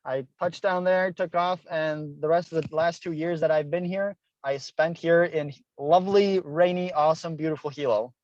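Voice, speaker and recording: A man's voice: fairly high pitch, steady tone, normal speed, hardly any pauses, no room sound, muffled recording. A middle-aged man, a guest author, telling a personal story with earnest feeling and acted-out dialogue. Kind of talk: interview storytelling. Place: Hilo, Hawaii.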